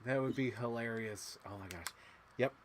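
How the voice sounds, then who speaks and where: A woman's voice: rumbling low, normal speed, slight background noise. A woman co-hosting a casual movie podcast, talking animatedly and acting out scenes in quoted voices. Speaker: podcast co-host. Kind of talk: casual chat.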